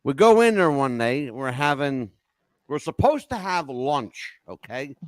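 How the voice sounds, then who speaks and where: An older man hosting a podcast, telling animated stories in an emphatic way and checking in with "okay?" as he goes. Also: mid-range voice, unhurried, no echo. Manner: emphatic, keeps asking "okay?". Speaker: podcast host. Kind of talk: animated storytelling chat.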